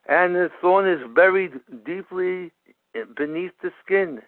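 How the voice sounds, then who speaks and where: A man's voice: on the high side, measured pace, no echo. A man teaching a sermon through a parable. He tells the story with frequent repetitions and restarts. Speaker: Torah teacher. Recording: tinny phone-like radio broadcast.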